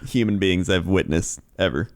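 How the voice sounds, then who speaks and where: A man's voice: low-pitched, normal speed. A man co-hosting a podcast, chatting casually with wry, laid-back comments. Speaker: podcast co-host. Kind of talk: casual chat.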